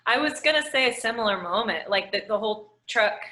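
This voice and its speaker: A woman's voice: fairly high pitch, lively intonation, brisk, sharp tone. A female actress being interviewed, hesitant and searching for her words. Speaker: actress guest. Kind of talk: casual interview.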